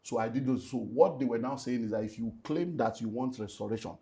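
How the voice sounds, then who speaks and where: In an interview, a middle-aged Nigerian pastor and relationship speaker recounts an emotional personal testimony in a lively manner. He drops into Nigerian Pidgin and alternates loud bursts with quiet passages, his mid-range voice running slightly fast.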